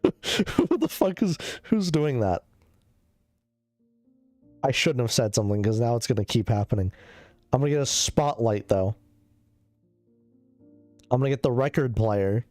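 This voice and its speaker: A sick streamer rambles through a loose, casual chat in an ordinary mid-pitched voice. Now and then he coughs, and he drifts into loopy tangents full of swearing. The sound is close and dry, with soft music playing behind him. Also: normal speed, long pauses, dry recording.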